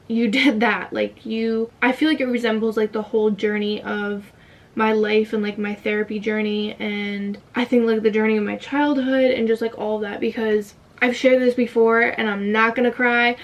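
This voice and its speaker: A woman's voice: a little high, far from the mic, lo-fi sound. A young woman telling a personal story in a casual vlog, emotional and fighting back tears, with many "like" fillers. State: tight throat from holding back tears. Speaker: vlogger.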